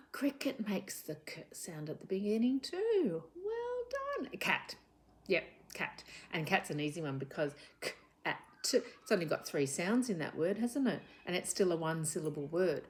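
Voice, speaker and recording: Slow, gentle woman teaching little kids. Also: lowish voice. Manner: gentle, encouraging, slow and drawn out; sounds out letters and slips into soft whispers. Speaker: children's literacy presenter. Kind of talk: teaching young children with a puppet. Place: home living room.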